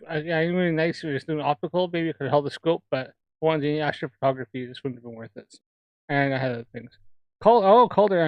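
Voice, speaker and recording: A man's voice: fairly high pitch, dry recording, highs cut off. A man from Alberta, Canada, with a Canadian accent, rambling in casual chat while hosting a livestream. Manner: rambling, chatty. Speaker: livestream host.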